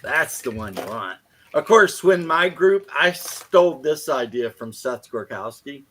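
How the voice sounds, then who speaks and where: A man who runs tabletop games, telling a story in relaxed casual chat. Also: mid-range voice, measured pace. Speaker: game master.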